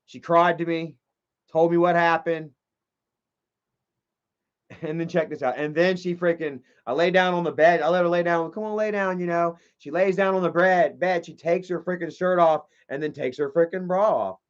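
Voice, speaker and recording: A man's voice: on the high side, fairly even intonation, moderate pace. A man streaming live, telling a long, rambling, profane personal story and reading chat messages aloud. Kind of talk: livestream storytelling. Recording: dull lo-fi stream audio.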